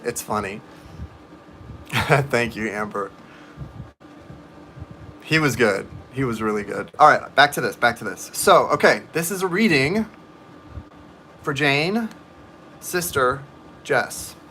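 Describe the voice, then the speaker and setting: A man's voice: mid-range voice, expressive, slow pace, long pauses, bright, forceful tone, slight background noise. A man giving tarot readings on a live stream, chatting and rambling to viewers in the chat. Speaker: tarot reader.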